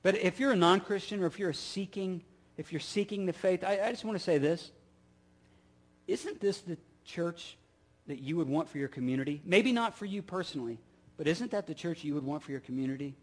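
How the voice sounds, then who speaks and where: A middle-aged male pastor preaching a sermon, repeating key phrases, asking the listeners rhetorical questions, and swinging from loud emphasis to soft asides. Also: a little high.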